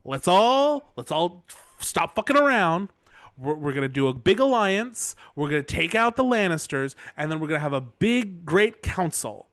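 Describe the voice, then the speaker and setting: A man's voice: fairly high pitch, sing-song, moderate pace, a bit bright, no echo. A man doing a blunt, profane noble mother. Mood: pleading. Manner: profane, sarcastic.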